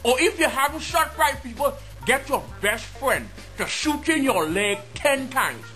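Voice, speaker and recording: A man's voice: very high voice, expressive, measured pace, pushed and bright, soft background music. A man delivering a mocking, exaggerated comedic rant to his viewers. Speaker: comedy vlogger.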